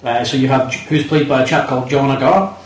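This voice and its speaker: A man's voice: medium pitch, fairly even intonation, fast talker, distant mic. A man co-hosting a podcast, recapping a film with wry, sarcastic humor. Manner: wry, dryly sarcastic, swears casually. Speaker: podcast co-host. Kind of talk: casual chat recapping a film. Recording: echoey room, set back from the mic.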